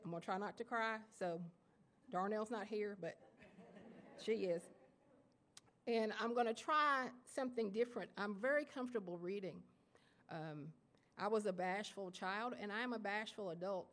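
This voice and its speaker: This woman, a guest lecturer, addresses an audience of writers in a lecture hall with a mid-range voice and an Appalachian Kentucky accent. Her delivery stumbles along with frequent fillers and restarts, and she pokes fun at herself.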